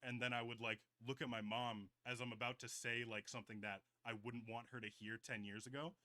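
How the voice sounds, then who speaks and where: A man's voice: mid-range voice, little pitch movement, a little fast, sharp tone, no room sound. A man in his twenties co-hosting a podcast, telling long rambling stories in casual chat, full of "like" and swearing. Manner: rambling storyteller, heavy "like" filler and swearing. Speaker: podcast host.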